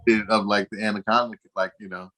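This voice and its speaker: A man's voice: on the low side, little pitch movement, fast talker, over a noisy crowd. A man co-hosting a podcast, chatting casually in a laid-back, slangy way with a lot of swearing. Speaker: podcast co-host.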